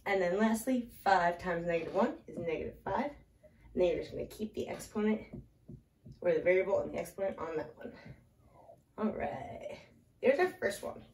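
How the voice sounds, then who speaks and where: A woman's voice: lowish voice, animated, moderate pace, pauses often, darkish tone. A woman teaching a casual math lesson at a whiteboard, talking through each step aloud and chatting with a small child she holds. She sounds slightly out of breath. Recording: echoey room, voice from a distance.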